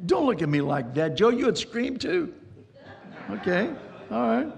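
A man's voice: high voice, big pitch swings, a little slow, vocal fry, in a large hall. A man preaching a sermon, dramatic, with repeated words and sudden bursts of speed. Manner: dramatic preaching with repetitions and sudden pace changes. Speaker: pastor.

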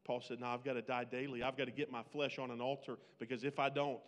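A man preaching a sermon, swinging between loud, pleading bursts and hushed, slow lines. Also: medium pitch, little pitch movement, in a large hall. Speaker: pastor.

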